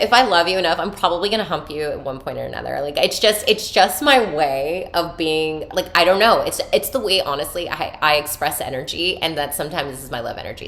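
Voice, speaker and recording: A young woman hosting a podcast in a casual, animated style, swearing freely and using many fillers. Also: on the low side. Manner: animated, chatty, profane, filler-heavy. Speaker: podcast host. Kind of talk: casual spiritual podcast chat.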